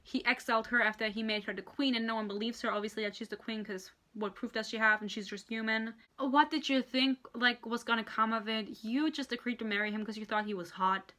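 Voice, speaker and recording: A woman's voice: on the high side, steady tone, sharp tone. Exasperated, foul-mouthed woman ranting. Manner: exasperated, profane, sarcastic; acts out characters in quick impressions. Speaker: book reviewer. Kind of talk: ranting book review vlog.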